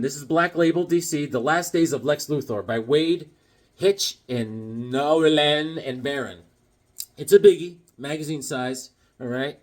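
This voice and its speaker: A man from Connecticut casually chatting about his comic books, rambling along and telling deadpan tall tales with jokes between them. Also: a little high. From Connecticut, USA. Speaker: comic book vlogger.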